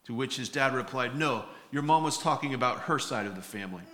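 In a reverberant space, a pastor with a medium-pitched, animated voice preaches fairly quickly. His sermon is full of funny stories where he acts out each character's lines, and he uses frequent fillers and restarts.

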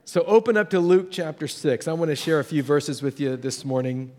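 A middle-aged man, a pastor, telling a story in a sermon and jumping his voice up to act out the people in it. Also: brisk. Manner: animated storytelling, acts out voices with jumps in pitch.

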